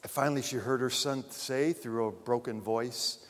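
A man preaching a sermon, telling a story and then addressing his congregation earnestly, rising loud and falling to a hush. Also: mid-range voice, fairly even intonation, unhurried, hardly any pauses, slight background noise. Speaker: pastor. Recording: long reverb of a large hall.

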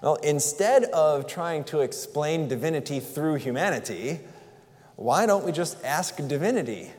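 Male pastor, earnest conversational sermon, fairly high voice, reverberant hall. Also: animated, measured pace, darkish tone. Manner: earnest, conversational preaching with rhetorical questions. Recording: long reverb in a large hall.

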